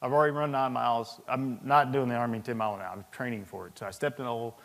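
A man's voice: mid-range voice, steady tone, racing, vocal fry, fairly bright tone. A man in his fifties, a senior army leader, telling personal anecdotes in a speech to an audience. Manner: storytelling, anecdotal, chuckling asides. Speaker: Sergeant Major of the Army. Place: large hall with audience. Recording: long reverb of a hall.

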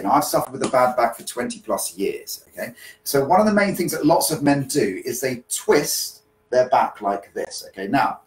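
A dance teacher explains partner dancing on a live-streamed podcast lesson, chatting casually and checking in with "okay?" again and again. His voice is medium-pitched, and the recording is low quality.

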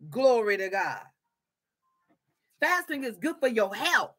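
A woman's voice: fairly high pitch, big pitch swings, slow pace, long pauses, fairly bright tone. A woman preaching a fervent sermon, repeating her phrases for emphasis.

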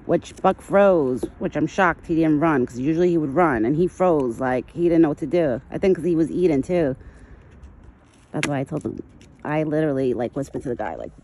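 A woman talking casually to her phone camera outdoors while feeding a wild deer, switching to a high soothing coaxing tone for the animal. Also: dark tone, a little hiss or hum. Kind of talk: casual outdoor vlog narration.

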